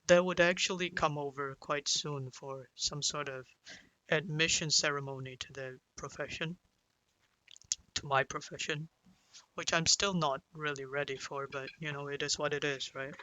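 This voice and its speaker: A young man recounting a painful personal story, speaking hesitantly with many restarts and pauses. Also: a little high, fairly even intonation, pushed and bright, rough recording. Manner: hesitant, full of restarts and "you know"; sighs and breaks down into whispers at emotional moments. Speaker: vlogger.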